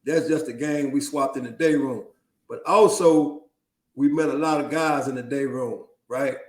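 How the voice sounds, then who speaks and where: A man's voice: medium pitch, moderate pace. A man hosting an interview, asking questions and ending his points with "right?". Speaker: host. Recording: roomy echo.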